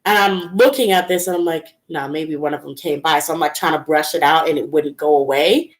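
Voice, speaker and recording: A woman's voice: low-pitched, brisk. A young woman hosting a casual livestream, telling personal stories in a chatty way, full of "like" and "um", with laughs between lines. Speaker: tarot channel host. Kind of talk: casual storytelling livestream chat.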